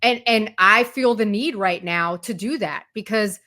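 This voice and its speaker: A woman's voice: medium pitch, unhurried, bright, forceful tone. A woman sports reporter, a guest on a sports talk show, explaining in fluent detail and retelling anecdotes with energy. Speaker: college football reporter, guest.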